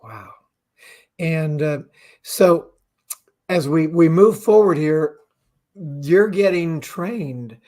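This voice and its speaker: A man hosts a live interview, putting his questions slowly and haltingly. His voice sits a little high, and he fills the gaps with brief encouraging sounds. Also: darkish tone. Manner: slow, halting questions with short affirmations. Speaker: host. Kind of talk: interview hosting.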